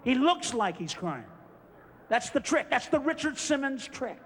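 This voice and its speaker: A male stand-up comedian ranting profanely and shouting through a live routine. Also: very high-pitched, sing-song, measured pace, big-room sound.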